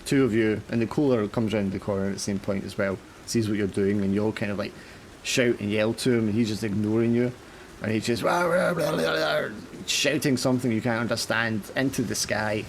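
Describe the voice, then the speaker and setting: A man's voice: on the low side, fairly even intonation, brisk, slight background noise. A man narrating a tabletop horror game as game master, casual and full of fillers.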